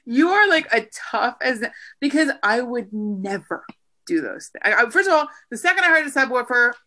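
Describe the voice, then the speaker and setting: A woman's voice: a little high, sing-song, moderate pace, pushed and bright. A woman co-hosting a casual chat podcast, playful, teasing and frank with her guest. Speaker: podcast co-host.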